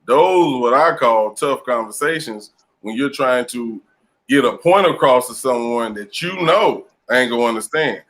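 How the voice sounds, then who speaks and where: A man hosting a casual panel talk, relaxed and slangy as he moderates. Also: medium pitch, measured pace. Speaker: host.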